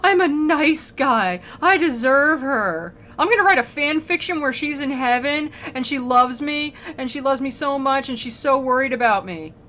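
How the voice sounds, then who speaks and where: A woman's voice: high-pitched, expressive, moderate pace, few pauses, fairly bright tone, pitched above the performer's own voice. A lovesick medieval poet whines about how much he deserves the woman he adores, as a woman mocks him in a raised voice. He gushes and pities himself. Faint background noise sits under the voice. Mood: gushing. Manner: whiny, gushing mockery. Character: lovesick, self-pitying male medieval poet.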